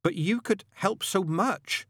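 A woman's voice: medium pitch, slow pace, fairly bright tone, husky, no room sound, clean studio sound, pitched above the performer's own voice. A man voicing a blunt, skeptical young woman. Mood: wry.

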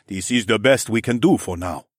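A man doing a calm, steady young man. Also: fairly low pitch, normal speed, slightly rough, dry recording, clean studio sound.

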